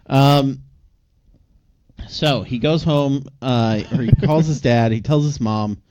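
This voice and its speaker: A man's voice: medium pitch, slow, a little mellow, no room sound, dull audio. Laughing man recapping a movie. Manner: laughs often, many fillers. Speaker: podcast co-host. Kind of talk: casual movie recap chat.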